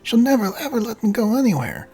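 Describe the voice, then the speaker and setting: A woman's voice: fairly high pitch, wildly swooping pitch, fast, mellow, faint music behind. A woman voicing a young giant boy who pleads hesitantly to join the group. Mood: pleading. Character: young giant boy, eager but sulking.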